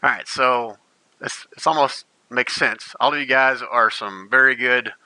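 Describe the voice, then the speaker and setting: A man's voice: mid-range voice, a little slow, sharp tone, smooth, dry recording, poor audio. A man narrating a tabletop game as game master, rambling and playful, often restarting his sentences.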